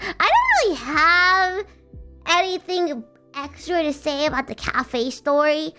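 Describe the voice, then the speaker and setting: A woman streamer chats casually on a livestream in a very high-pitched, pushed, bright voice. She's rambling and bubbly, teasing herself and often restarting her sentences.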